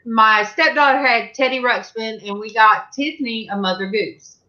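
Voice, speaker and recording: A middle-aged Southern US woman hosts a casual panel chat, telling rambling stories loaded with fillers and restarts. Her voice is fairly high, bright, and forceful at normal speed. The recording sounds dull and lo-fi.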